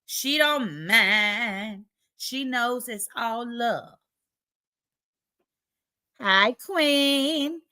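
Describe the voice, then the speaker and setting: Give me a playful woman livestream host, reading comments in a bright, lively voice. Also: a little high, extremely slow, long pauses. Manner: chatty, reads viewer comments aloud, playful. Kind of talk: casual livestream chat.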